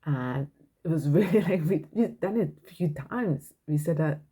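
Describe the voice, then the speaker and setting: A woman's voice: low-pitched, animated, normal speed, dark tone, breathy edge. A woman hosting a parenting podcast, talking frankly and earnestly in a casual monologue.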